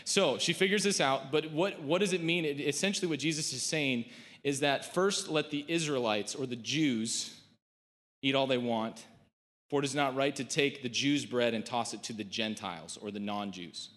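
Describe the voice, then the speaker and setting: A man giving a sermon in a relaxed, conversational way, with joking asides and quotes he acts out. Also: mid-range voice, normal speed, in a large hall. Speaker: preacher.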